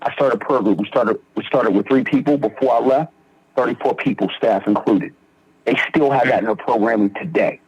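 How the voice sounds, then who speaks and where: A young man from Philadelphia tells his recovery story as a podcast guest. His voice is husky and mid-pitched, and he acts out the people he quotes. The recording sounds dull and lo-fi. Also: brisk. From Philadelphia, Pennsylvania.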